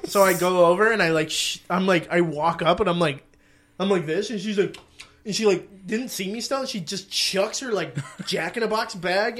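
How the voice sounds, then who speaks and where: A man's voice: high voice, a bit bright. A young man co-hosting a casual comedy podcast, telling a story with lots of swearing and laughter. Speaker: podcast co-host.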